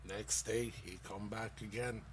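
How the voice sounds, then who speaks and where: A man hosting a comedy show, telling stand-up dad jokes in a halting, casual, profane way, with lots of fillers and loud laughs at his own punchlines. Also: fairly low pitch, steady tone, slight background noise.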